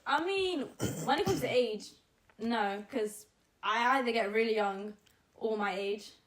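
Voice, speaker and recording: Chatty young woman, slightly high. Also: a little slow, poor audio. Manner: chatty, laughs easily. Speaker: podcast co-host. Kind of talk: casual sibling chat.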